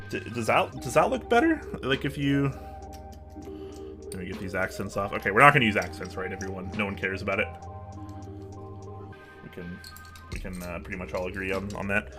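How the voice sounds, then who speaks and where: A man's voice: fairly low pitch, sharp tone. A man hosting a live stream in casual chat, thinking aloud and asking viewers for their opinions with frequent restarts. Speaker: livestream host.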